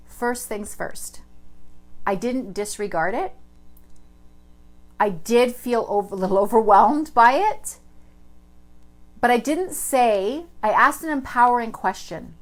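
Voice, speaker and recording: A woman hosting a live online stream as a spiritual teacher, telling a personal story in an earnest, animated way and greeting viewers by name. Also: fairly high pitch, measured pace, long pauses, low-quality recording.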